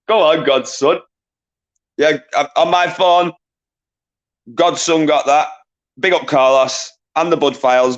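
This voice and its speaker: A man hosting a live-stream quiz, bantering with chat, giving quick shout-outs, swearing casually and laughing often. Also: medium pitch, muffled recording. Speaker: livestream quiz host.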